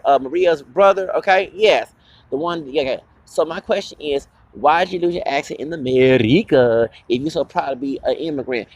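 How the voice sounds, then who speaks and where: A man hosting his own channel, delivering an angry, profane and rambling confrontational vlog rant. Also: on the high side. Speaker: channel host.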